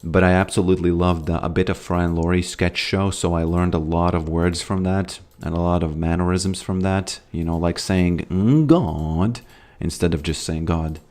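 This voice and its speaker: A man's voice: sits low, little pitch movement, normal speed, few pauses, darkish tone. A man with an American accent casually commenting on his gameplay as a streamer, reading chat questions aloud and rambling with loose, trailing thoughts.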